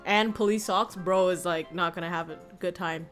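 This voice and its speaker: A woman's voice: lowish voice, fairly even intonation, normal speed, a bit bright, soft background music. A woman streamer in casual chat who laughs often and swears casually.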